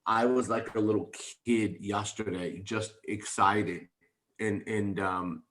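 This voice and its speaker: A man leading a network marketing team, telling stories in an excited, emphatic way on a video call. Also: lowish voice, takes it slowly. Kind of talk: enthusiastic motivational talk on a video call.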